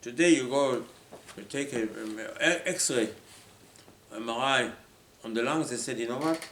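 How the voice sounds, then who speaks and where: A man delivers a sermon in a roomy, echoing space. He speaks at a middle pitch, stresses his points through repetition, and slips into the voices of the people he quotes. A faint hum of ambience sits behind him. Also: unhurried, fairly bright tone. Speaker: rabbi. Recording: echoey room with faint ambience.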